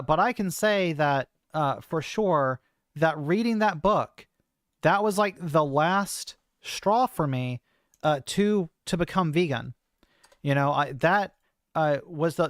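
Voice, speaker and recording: A woman's voice: sits low, no room sound. A trans woman streamer talking in a casual, hesitant monologue, full of fillers and restarts, into a close desk mic. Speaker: streamer host.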